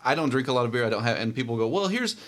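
A man co-hosting a casual chat, joking and telling quick personal anecdotes. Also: medium pitch, fairly even intonation.

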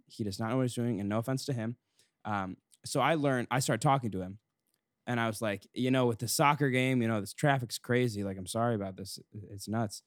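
A man's voice: medium pitch, fairly quick, no room sound, studio quality. A young man telling a long story in casual podcast chat, full of fillers and restarts. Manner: rambling with many fillers and restarts. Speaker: podcast co-host.

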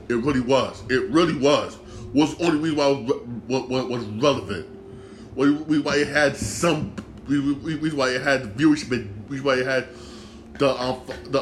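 A man's voice: medium pitch, a little hiss or hum. A man hosting a casual solo podcast, rambling and repeating himself, with slangy, profane talk. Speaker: podcast host.

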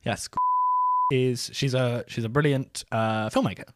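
A man's voice: mid-range voice, fairly even intonation, unhurried, very noisy. A man co-hosting a casual comedy chat, playful and jokey. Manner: playful, bursts into silly jingles. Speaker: podcast co-host.

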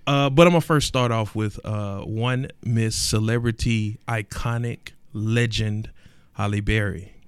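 A man's voice: lowish voice, measured pace, clean tone, dry recording. Emphatic man ranting on a podcast. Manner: animated and emphatic, rising to loud exclamations; colloquial, repeats words for emphasis. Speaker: podcast host. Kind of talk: casual podcast rant.

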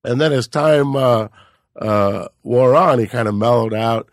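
A man's voice: mid-range voice, measured pace, no echo, studio quality. A man, a stand-up comedian guest on a podcast, telling a profane, rambling story with lots of laughter. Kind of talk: casual storytelling chat.

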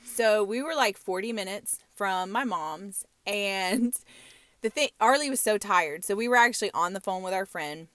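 A young woman co-hosting a casual podcast, telling a road-trip story with a lot of energy and laughing often. Her voice sits at a middle pitch. The sound is close and dry, with no room echo. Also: a bit bright. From Georgia, US. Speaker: podcast co-host.

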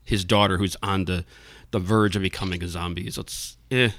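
A man hosts a podcast in an easygoing, chatty way. His voice is bright and forward, and he laughs often. It is recorded dry and close. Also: low voice, fairly even intonation, brisk, no echo. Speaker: podcast host. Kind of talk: casual podcast chat.

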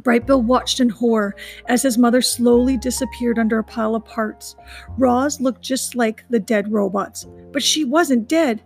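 Female storybook reader with a gravelly edge, brisk read-aloud delivery. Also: on the high side, darkish tone, soft background music. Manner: recaps chapters casually, then reads briskly. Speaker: reader of a children's novel. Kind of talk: reading a book aloud.

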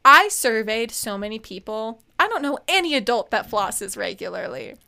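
Young woman, podcast co-host, bright tone, clear smooth voice, animated, casual storytelling. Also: on the high side, normal speed. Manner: animated storytelling, acts out quotes, swears freely. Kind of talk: casual chat.

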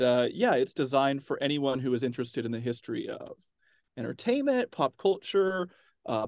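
A man being interviewed as an author, relaxed and wry, with many ums as he talks. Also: mid-range voice, no room sound, clean studio sound. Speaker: author guest. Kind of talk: casual interview chat.

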